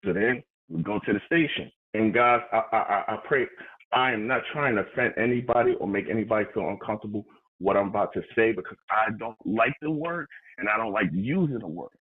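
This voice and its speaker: Husky New man telling a story. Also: lowish voice, fairly quick. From New York. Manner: animated, conversational, acts out quoted dialogue. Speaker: motivational speaker. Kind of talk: personal storytelling monologue. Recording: tinny phone-like sound.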